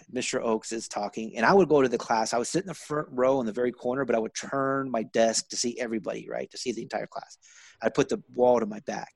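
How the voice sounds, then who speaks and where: A man telling stories in casual chat, profane and animated, acting out the quotes. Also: medium pitch, gravelly, no echo.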